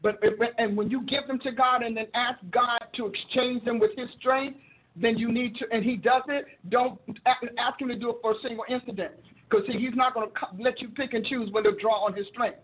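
A woman preacher and show host teaching in a sermon style, expressive and quick to laugh, acting out her prayers. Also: on the high side, husky. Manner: expressive, acts out prayers and quotes, laughs often. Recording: tinny phone-like audio.

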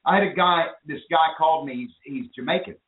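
A man's voice: a little high, fast talker. A man hosting a call-in radio talk show, talking with enthusiasm and rambling with restarts. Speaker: show host. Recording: phone-line audio in an echoey room.

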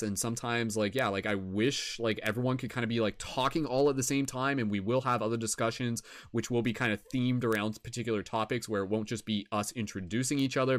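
A man's voice: on the low side, no room sound. A young man hosting a casual video-call broadcast, rambling with many fillers and encouraging his guests. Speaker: host.

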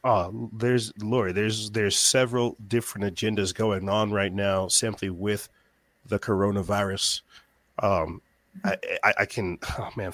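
A man speaking as a guest on a talk show, talking quickly, repeating words as he gets fired up. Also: on the low side, a bit bright, no room sound. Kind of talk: podcast interview.

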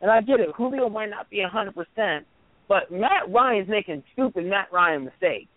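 A man with a high voice co-hosts a sports radio talk show and mocks the local teams with sarcastic asides. The sound is tinny and phone-like, dry and close. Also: expressive, normal speed, no echo. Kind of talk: casual sports radio rant.

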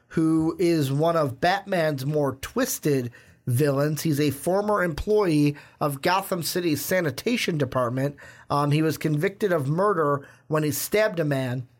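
A young man hosting a casual podcast, chatty, reading notes aloud with fillers. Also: fairly high pitch. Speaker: podcast host. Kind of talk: casual chat.

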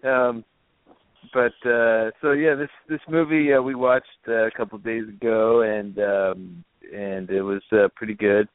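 A man's voice: fairly low pitch, steady tone, a little slow, no room sound. A man hosting a casual movie review podcast, talking hesitantly with many fillers. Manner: hesitant, lots of uh and um. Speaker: podcast host. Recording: dry phone-like sound.

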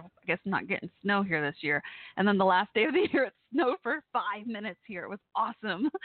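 A woman's voice: medium pitch, no echo. Texas woman, call-in host, rambling casual chat, dry tinny phone sound. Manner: rambling, chatty, laughs often. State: worried, holding back tears.

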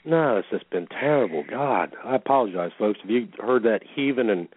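A man's voice: lowish voice, lively intonation, brisk, no room sound. Wry man co-host on a tinny line. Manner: wry, joking asides to listeners. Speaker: co-host of a wrestling talk show. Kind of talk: casual chat. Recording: tinny phone-line sound.

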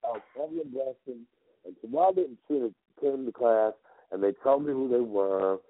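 A man's voice: normal speed, no echo. A man who is a guest vocal coach, telling a long story on a radio show in an emphatic, repetitive way, heard through a phone line. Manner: emphatic, repeats himself, jumps between pitch levels.

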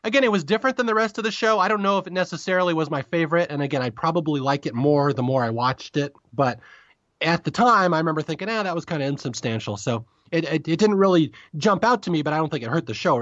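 A man co-hosting a podcast, chatting casually and quickly about a comedy episode, often correcting himself mid-sentence. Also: a little high, lively intonation, a bit bright, dry recording, muffled recording. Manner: rapid, chatty, self-correcting. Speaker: podcast co-host. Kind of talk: casual review chat.

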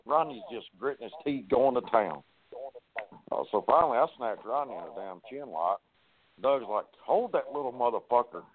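A man, a wrestling guest telling profane, animated stories and acting out the dialogue. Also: mid-range voice, normal speed. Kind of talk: casual storytelling on a podcast. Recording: tinny phone-like line.

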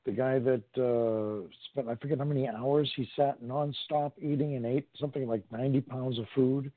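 A man's voice: mid-range voice, steady tone, normal speed, a little hiss or hum. A man co-hosting a talk show, casually retelling a news item in a rambling way. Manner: rambling, fillers and restarts while retelling news. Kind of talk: casual chat. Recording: tinny phone line.

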